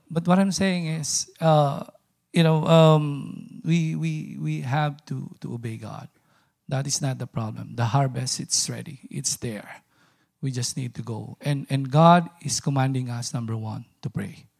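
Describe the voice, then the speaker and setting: A man in his forties from the Philippines gives a sermon with a gravelly, creaky edge and a mid-range pitch. He talks earnestly and informally, laughing now and then and breaking off into restarts. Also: a little mellow. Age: 40s. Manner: earnest, laughs often, frequent fillers and restarts. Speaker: preacher.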